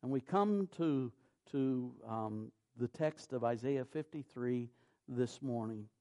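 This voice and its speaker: A man preaching a sermon, reading scripture in a measured cadence and rising to loud, emphatic peaks. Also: medium pitch.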